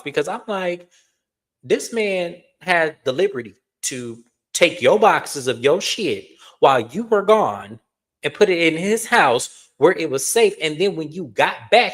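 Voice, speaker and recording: A man with a slightly high voice hosts a reality TV recap, giving casual commentary that is blunt and animated. He swears freely and addresses viewers as "y'all."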